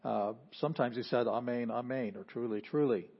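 A pastor preaching a sermon, explaining patiently and repeating phrases for emphasis. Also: male voice, medium pitch, a little fast, slightly rough. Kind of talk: sermon teaching. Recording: slightly dull lo-fi audio.

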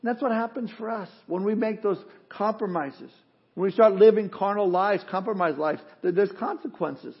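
Guy preaching, pretty high voice, kinda husky, dull lo-fi recording. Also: normal speed. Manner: conversational preaching, acts out imagined excuses. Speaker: pastor. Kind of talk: sermon.

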